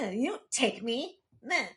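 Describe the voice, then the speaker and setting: Chatty higher-voiced woman podcaster. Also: animated, slow, a bit bright. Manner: chatty, wry asides, frequent restarts. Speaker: podcast co-host. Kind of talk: casual chat recapping a TV episode.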